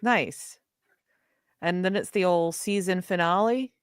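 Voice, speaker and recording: A woman co-hosting a podcast in relaxed, casual chat, speaking to listeners as "y'all.". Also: fairly low pitch, takes it slowly, clean tone, dry recording, studio quality. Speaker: podcast co-host.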